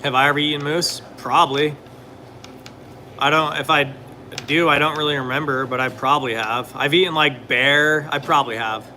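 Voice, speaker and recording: On the high side in pitch, this young man speaks at a moderate pace with fairly even intonation and a bright, forceful tone, over a little hiss or hum. He chats casually and rambles, using many fillers and sometimes answering viewers.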